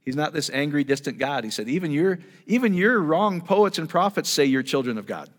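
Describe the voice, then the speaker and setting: Brisk and animated, with a slightly high voice, this pastor preaches a teaching sermon to his congregation. He keeps it conversational and eager, throwing out rhetorical questions while a large hall's long echo trails his words.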